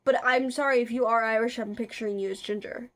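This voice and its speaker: A woman's voice: fairly high pitch, fairly even intonation, quick pace. A young woman chatting casually for her vlog, rambling with lots of filler words and restarts. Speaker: vlogger. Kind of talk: casual chat.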